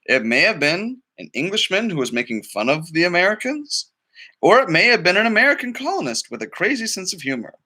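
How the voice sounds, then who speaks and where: Male librarian, children's read-aloud, chatty and questioning, high lively voice. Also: fairly quick. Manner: chatty, asks listeners questions.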